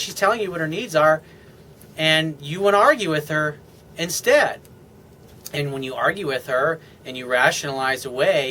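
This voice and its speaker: A man's voice: a little high, bright, forceful tone, slight background noise. Blunt, profane male dating coach. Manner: blunt and profane, talks straight to the listener. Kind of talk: unscripted advice monologue.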